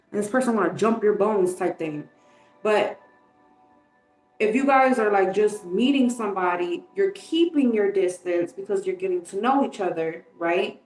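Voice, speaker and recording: A woman's voice: mid-range voice, normal speed, a little mellow, roomy sound, soft background music, poor audio. A woman giving a casual tarot card reading, chatty and candid, swearing and laughing often. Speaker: tarot reader.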